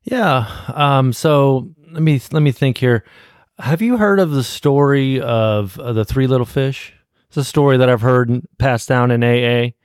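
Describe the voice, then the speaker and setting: A man's voice: medium pitch, unhurried, darkish tone, smooth, dry recording, studio quality. A man speaking as a guest in recovery, sharing earnestly and repeating words as he thinks. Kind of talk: reflective personal sharing.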